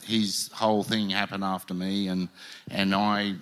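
A man's voice: low-pitched, level tone, unhurried, a bit bright, clear, resonant tone. A man telling surfing stories in casual chat, heated and swearing. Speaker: podcast guest, former pro surfer.

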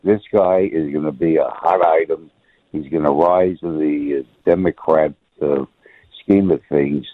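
A man's voice: very deep voice, fairly even intonation, unhurried, dry recording. A man calling in to a radio show, giving his opinion with many hesitations and fillers. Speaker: radio caller. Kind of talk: call-in opinion. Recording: muffled phone line.

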